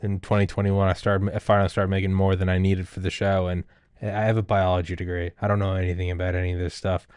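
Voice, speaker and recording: A man's voice: low-pitched, level tone, fast talker, darkish tone, clear, resonant tone, no echo, studio quality. A man hosting a podcast interview, talking casually and laughing along. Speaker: podcast host.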